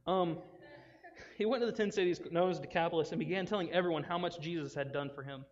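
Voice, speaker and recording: A man gives a casual, animated youth sermon, acting out the voices of friends and Bible characters. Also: a little high, fast talker. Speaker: youth pastor. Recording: dull sound with long reverb in a hall.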